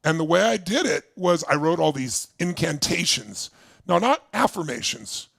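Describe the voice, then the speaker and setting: A man's voice: on the high side, animated, normal speed, gravelly, a bit bright, breathy edge, no echo. A man from Southern California giving an intense motivational talk, telling his own story to a live crowd. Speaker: motivational speaker.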